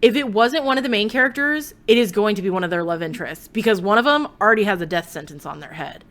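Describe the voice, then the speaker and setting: A woman's voice: medium pitch, quick pace. A young adult woman hosting a podcast, chatting casually and telling stories with laughter. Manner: animated storytelling, laughs often. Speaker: podcast host. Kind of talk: casual chat.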